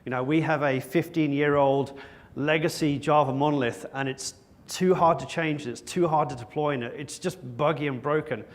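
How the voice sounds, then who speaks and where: Speaking at a moderate pace with fairly even intonation, this man has a fairly high-pitched voice. As a conference speaker addressing an audience from the stage, he stays wry and keeps joking at his own expense.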